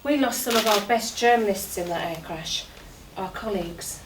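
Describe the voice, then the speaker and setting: A woman's voice: medium pitch, moderate pace, close to an everyday voice. Woman reading a shaken journalist, earnest and sombre, distant echoey recording. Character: shaken newspaper journalist after an air crash. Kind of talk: stage monologue reading. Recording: roomy, distant mic, faint noise.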